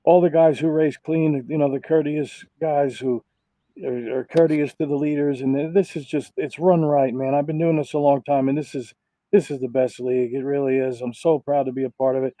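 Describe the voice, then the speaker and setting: A man's voice: mid-range voice, fairly even intonation, normal speed, dark tone, dry recording, low-quality recording. A man, a sim racing driver recovering from illness, giving heartfelt, rambling thank-yous over voice chat.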